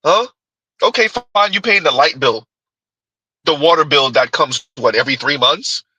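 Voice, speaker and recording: Bright, dry-voiced male commentary host. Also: fairly high pitch, expressive, normal speed, breathy edge, no echo, muffled recording. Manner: rhetorical, keeps asking "huh?". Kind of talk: reaction commentary.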